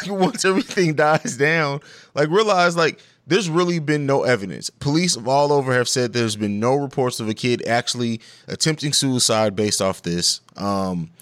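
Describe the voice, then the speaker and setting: A man hosts a podcast in relaxed casual chat. His mid-pitched voice is blunt and full of fillers, with casual swearing. The sound is dry, with no room echo. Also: moderate pace. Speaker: podcast host.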